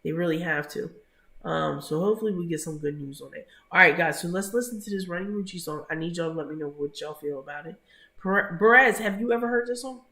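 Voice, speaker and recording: A woman hosting a casual live-stream gossip commentary, chatting to viewers in the chat by name with drawn-out asides. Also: fairly low pitch, bright, forceful tone.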